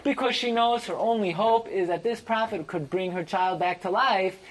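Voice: medium pitch, moderate pace, rough recording. A teacher leading a verse-by-verse text study class, translating each phrase and then exclaiming over it.

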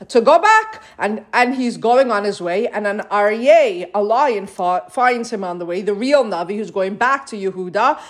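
A woman teaching a scripture story, reading Hebrew verses and retelling them in lively English. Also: on the high side. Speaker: Torah teacher. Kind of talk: retelling and explaining a scripture passage.

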